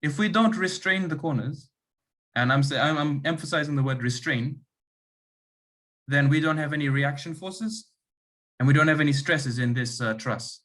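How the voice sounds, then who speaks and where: A man's voice: on the high side, normal speed, a bit bright. A man running an online engineering lab class, explaining concepts step by step and often checking in with "okay" and "right". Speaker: lab demonstrator.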